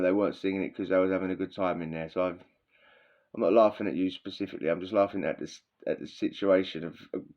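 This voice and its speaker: A man, telling crude stories in a casual, slangy way, full of swearing and laughter. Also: low voice. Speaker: podcast host. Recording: dull lo-fi recording.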